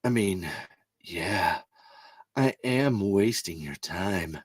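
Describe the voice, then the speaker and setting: A man's voice: low voice, lively intonation, very slow, husky, no room sound, studio quality, voice pushed down, full character voice. A man putting on a cringy sultry narrator voice. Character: cringy, over-seductive male narrator of a steamy novel.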